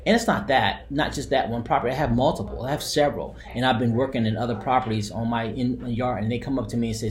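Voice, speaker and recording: A man's voice: mid-range voice, fairly even intonation, fast, hardly any pauses, a little hiss or hum. A man telling a personal story as a heated, profane rant, repeating himself as he goes. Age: adult with a daughter.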